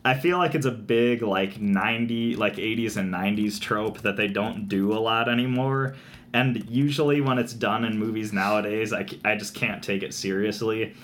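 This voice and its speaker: A man's voice: on the low side, normal speed, fairly bright tone. A young man co-hosting a casual podcast chat, talkative and laughing often between filler words. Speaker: podcast co-host. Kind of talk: casual chat about movie tropes.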